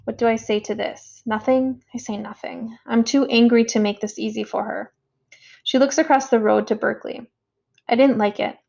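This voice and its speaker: Woman audiobook narrator, first-person story, gravelly, slightly high voice, dull lo-fi sound. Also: fairly even intonation, normal speed, darkish tone.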